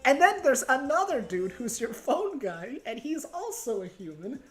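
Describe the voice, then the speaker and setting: A woman's voice: sits high, sing-song, normal speed, faint music behind. A woman streaming a game, telling a long, rambling, bemused story with frequent laughs. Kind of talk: casual stream commentary.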